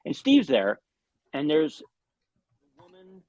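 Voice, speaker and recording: A man, a guest musician, telling animated anecdotes in an interview, swearing often and restarting his sentences. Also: on the high side, takes it slowly, no room sound, muffled recording. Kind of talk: storytelling in an interview.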